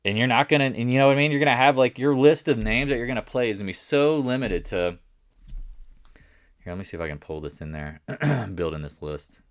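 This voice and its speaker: A man hosting a live market recap stream, talking casually and excitedly, rambling and jumping between thoughts. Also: medium pitch, fairly quick, dry recording, clean studio sound.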